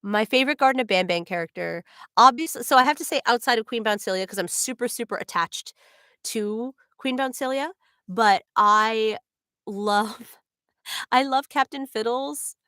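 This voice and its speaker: A woman's voice: on the high side, normal speed, sharp tone, no echo, studio quality. A young adult woman, a voice actor, chatting casually on a livestream, answering fan questions with many ums and giggles.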